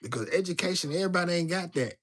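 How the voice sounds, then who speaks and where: A man's voice: sits high, expressive, rapid-fire, a bit bright. A man hosting a casual livestream, talking loosely and greeting viewers from the chat. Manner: loose, chatty, talks to viewers directly, reads chat aloud. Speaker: livestream host.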